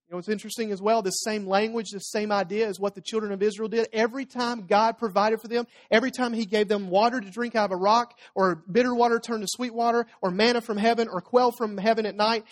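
A man's voice: sits high, steady tone, fast, hardly any pauses. A man preaching a sermon as pastor, talking through scripture conversationally with tag questions and playful asides. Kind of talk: expository sermon.

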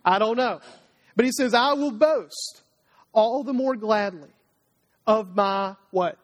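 A man's voice: high voice, a little slow. Man preaching in a reverberant hall. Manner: conversational preaching, acting out prayers and God's replies. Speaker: pastor. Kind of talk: sermon. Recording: long reverb of a large hall.

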